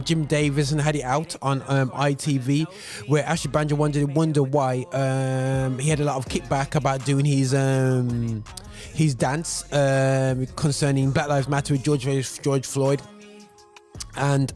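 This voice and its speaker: A male radio presenter speaks in an easy, conversational way, circling his point with frequent fillers and asides. His voice sits at a middle pitch. Faint music plays underneath him. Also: darkish tone. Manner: conversational, many fillers, digresses. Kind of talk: casual spoken commentary.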